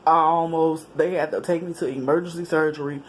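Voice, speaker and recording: A woman's voice: deep voice, brisk. Woman vlogger, chatty storytelling, faint background hiss. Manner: animated, chatty, with slang and laughs. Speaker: vlogger telling a personal story. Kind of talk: casual storytelling to camera.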